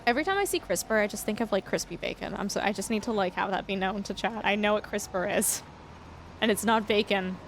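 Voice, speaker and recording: A woman's voice: mid-range voice, brisk, slight background noise. A woman streaming a farming game, chatting casually and reading chat aloud. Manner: chatty, reads chat aloud, laughs often. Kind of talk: casual livestream chat while gaming.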